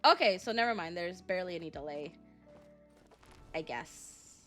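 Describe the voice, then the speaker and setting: A woman's voice: lowish voice, expressive, moderate pace, a bit bright, faint music behind. A young adult woman streaming as a VTuber, chatting casually and rambling through a story with lots of fillers.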